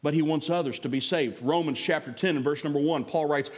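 A man's voice: a little high, a little fast. A man preaching a sermon, telling a story in a folksy way and acting out the voices of the people in it. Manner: folksy, animated, acts out quoted voices. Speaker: guest preacher. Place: large church sanctuary. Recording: church hall with long reverb.

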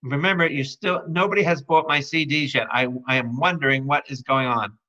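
A man, a priest, teaching a lively Bible study, calling out questions to his listeners and joking between readings. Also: on the high side, fairly quick. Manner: calls out to the audience with repeated questions; playful, jokes and breaks into song. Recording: dull lo-fi recording.

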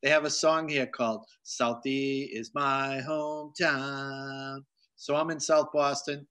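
A man's voice: medium pitch, steady tone, slow, sharp tone, clean tone. A man hosting a video call, joking around and reading out greetings from viewers. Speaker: host. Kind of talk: casual chat on a video call.

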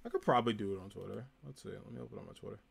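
A man's voice: lowish voice, rapid-fire, gravelly, slightly rough. A young man with a New Jersey accent chatting casually on a live stream, upbeat and full of ums and likes. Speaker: live streamer showing a convention haul.

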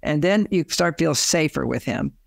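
A man's voice: a little high, expressive, moderate pace, vocal fry, no room sound, clean studio sound. A man giving relationship advice as a guest in an interview, rambling and often acting out quoted dialogue.

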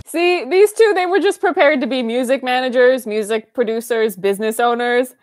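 A young woman giving casual watch-party commentary on a film, excitable and gushing, laughing often. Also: sits high, normal speed, no echo, studio quality, soft background music.

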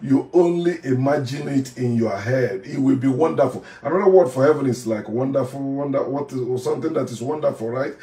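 A man's voice: mid-range voice, darkish tone. A former pastor with a Nigerian accent delivering a heated, preachy monologue, hammering his points by repeating phrases. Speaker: former pastor turned online commentator. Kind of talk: heated monologue rant to camera. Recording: echoey room, voice from a distance off the mic.

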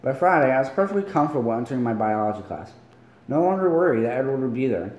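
A man's voice: medium pitch, sing-song, fast talker, a little mellow, dull audio. A tired man reading a novel aloud casually at home, often stumbling and correcting himself. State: tired, yawning. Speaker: amateur reader. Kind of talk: casual read-along of a novel. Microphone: phone. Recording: echoey room.

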